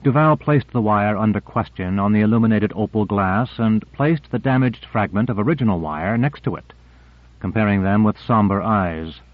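A man reading an audiobook in a measured, even narration. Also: fairly low pitch, no room sound. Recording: dry narrow phone-like audio.

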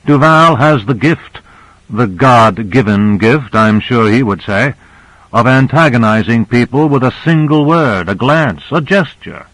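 A man's voice: medium pitch, animated, measured pace, fairly bright tone, no room sound, low-quality recording. A male narrator voicing Michaels, a wry, melancholy man who probes with dry, knowing remarks. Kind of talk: audiobook character reading.

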